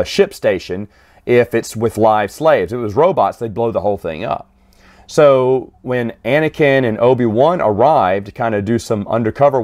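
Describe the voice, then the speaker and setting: A man giving a casual, rambling solo review of comic books, with frequent restarts and quick snatches of acted dialogue. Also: medium pitch, darkish tone.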